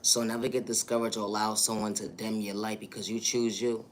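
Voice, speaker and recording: A man's voice: fairly low pitch, little pitch movement, fairly quick, a little hiss or hum. A man hosting a livestream and speaking a motivational monologue, with affirming lines and repeated catchphrases. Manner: repetitive, affirming, rhythmic catchphrases. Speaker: livestream host.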